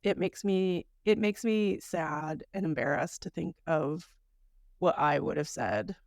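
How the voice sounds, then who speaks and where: A woman co-hosting a podcast talks in a low voice with a gravelly edge. She chats casually and reflectively and laughs often. The sound is dry and close. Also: measured pace, darkish tone, no room sound. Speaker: podcast co-host.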